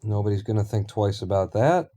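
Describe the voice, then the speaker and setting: A man's voice: lowish voice, animated, a little fast, dark tone. A man streaming a building game, rambling and thinking aloud in casual talk with offhand swearing.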